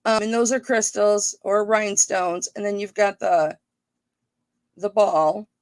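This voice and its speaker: A woman hosting a live online jewelry auction, chatting playfully with her viewers and thinking out loud. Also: mid-range voice, steady tone, a little slow, no room sound. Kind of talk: casual live-stream auction patter.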